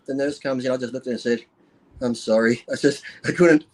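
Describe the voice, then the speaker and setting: A man's voice: medium pitch, fairly even intonation, fast, a little mellow, rough recording. A man chatting as a podcast guest, telling a crude story with bursts of laughter. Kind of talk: casual chat.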